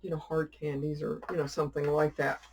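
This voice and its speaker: There's background noise as this witchcraft YouTuber walks through her shopping haul, chatting and laughing a lot as her story wanders. Her low voice moves briskly with a flat delivery.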